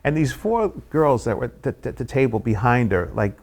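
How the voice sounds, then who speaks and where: A middle-aged man, a guest comedian, telling an animated anecdote and acting out the people in it. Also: medium pitch, fairly quick. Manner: animated anecdote-telling, acts out quoted voices. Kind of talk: storytelling chat.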